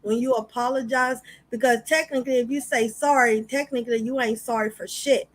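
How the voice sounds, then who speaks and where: A woman's voice: on the high side, fairly even intonation, a little fast, rough recording. A woman co-hosting a casual podcast chat, frank and blunt, with casual swearing.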